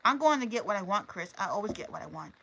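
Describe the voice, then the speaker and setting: A woman's voice: medium pitch, expressive, fast, creaky, fairly bright tone, slight background noise, low-quality recording. A woman reading aloud as a scheming, vindictive woman who wants fame, cold and pushy. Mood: menacing.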